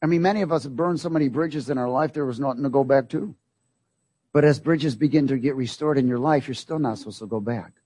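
A man's voice: mid-range voice, fast, a little mellow, slightly rough, no room sound. A man preaching a sermon, emphatic, repeating phrases and asking the congregation rhetorical questions.

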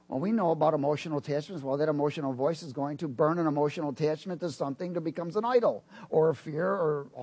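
A man preaching a sermon, animated and building to loud emphatic peaks, acting out quoted dialogue along the way. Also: a little high. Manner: acts out quoted dialogue in other voices. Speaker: pastor.

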